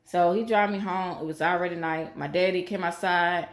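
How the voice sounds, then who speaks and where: A woman's voice: lowish voice, fairly even intonation, normal speed. A woman telling a personal story in a rambling, repetitive, emphatic way. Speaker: vlogger.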